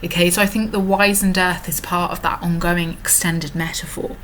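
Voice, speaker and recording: A woman teacher in a recorded lesson who explains a poem step by step, often pausing on fillers and reading lines out slowly. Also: fairly low pitch, flat delivery, a bit bright, a little hiss or hum.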